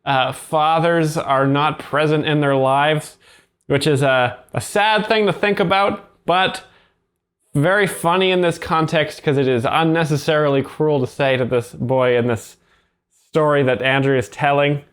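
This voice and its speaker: A man explaining jokes in a flat, deadpan commentary. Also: on the high side, measured pace. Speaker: joke explainer.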